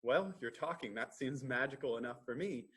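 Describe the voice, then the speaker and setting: A man's voice: mid-range voice, lively intonation, moderate pace, a bit bright, breathy edge. A man voicing a greedy fisherman in a children's storybook, musing aloud with thoughtful hums. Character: greedy, wondering male fisherman.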